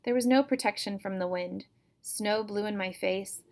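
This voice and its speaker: A woman reading a chapter book aloud to her students, telling a first-person story in a steady, even way. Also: mid-range voice, moderate pace.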